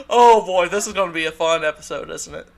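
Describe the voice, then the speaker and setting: A man's voice: high-pitched, gravelly, background noise. A man with a Southern US accent hosting a casual gaming podcast and talking with an upbeat, announcer-like energy. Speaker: podcast host.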